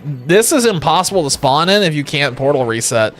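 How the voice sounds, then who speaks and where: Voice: big pitch swings, fairly quick, slight background noise. A young adult streamer giving jokey live commentary while playing a game, swearing casually and humming nonsense now and then. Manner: puts on a squeaky high voice for gags.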